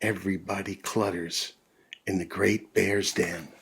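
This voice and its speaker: Slow, gentle man reading to kids. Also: sits low, gravelly, noisy background. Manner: gentle, drawn-out, expressive reading. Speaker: storyteller for children. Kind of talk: read-aloud picture-book narration.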